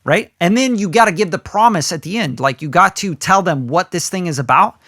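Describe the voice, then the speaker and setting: A man co-hosting a podcast in loose, casual chat, with a bright, forward voice that sits a little high for a man. He talks animatedly, acts out little scenes and swears without thinking about it. The sound is close and dry. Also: expressive, brisk, no room sound. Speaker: podcast co-host.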